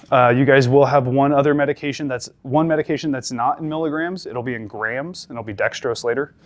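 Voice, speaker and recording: With a medium pitch, a man teaching paramedics gives a classroom lecture in an easygoing, conversational way, going back over the main points and stressing them.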